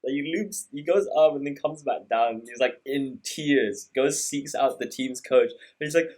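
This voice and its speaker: A man's voice: mid-range voice, a little slow, darkish tone, low-quality recording. A young man, a podcast guest telling a story in casual chat, laughing often and acting out quotes. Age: young adult.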